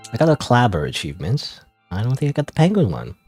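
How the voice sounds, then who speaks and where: A male streamer talking off the cuff while he plays, rambling and unsure of himself. His fairly low voice rises and falls a lot, with quiet music running underneath. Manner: rambling, self-doubting, frequent fillers and laughs. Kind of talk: casual gaming livestream chat.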